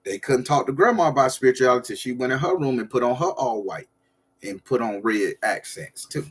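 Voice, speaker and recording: A man's voice: medium pitch, fairly quick, breathy edge. A man from Florida, hosting a casual livestream and rambling loosely to his viewers. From southern Florida. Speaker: livestream host.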